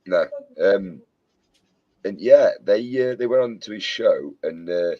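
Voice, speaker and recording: A British man with a low, mellow and husky voice, chatting with friends and telling jokey stories. He keeps slipping into quotes from comedy films. The sound is dry and dull, like a lo-fi recording. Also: lively intonation, takes it slowly, dry recording. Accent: British English. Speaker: co-host chatting while model making. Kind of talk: casual chat.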